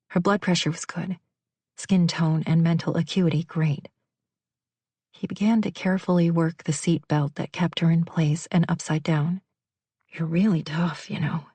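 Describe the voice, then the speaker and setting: Low, mellow female audiobook narrator. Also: breathy edge, no room sound. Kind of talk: scripted romance narration.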